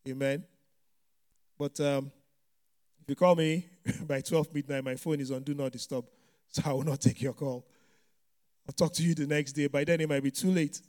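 A male pastor delivers a conversational sermon, chatty and full of "you know" asides, often breaking into light chuckles. His voice is on the high side, steady and a little mellow, moving at a moderate pace with long pauses.

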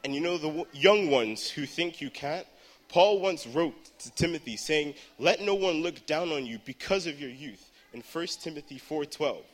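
A man's voice: fairly high pitch, animated, moderate pace. Earnest teenage boy preaching to a church hall. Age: teens. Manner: earnest, builds to fervent shouting. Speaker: teen speaker at church service. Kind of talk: youth sermon.

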